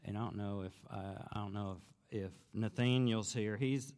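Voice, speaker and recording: A man preaching a sermon, telling a story in an earnest, conversational way that grows animated as he goes. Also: fairly low pitch, normal speed. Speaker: pastor. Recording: long reverb of a large hall.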